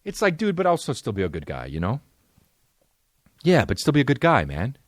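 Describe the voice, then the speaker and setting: A man's voice: mid-range voice, wildly swooping pitch, brisk, no echo, clean studio sound. A man hosting a comedy podcast, ranting in a profane, sarcastic way. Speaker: podcast host.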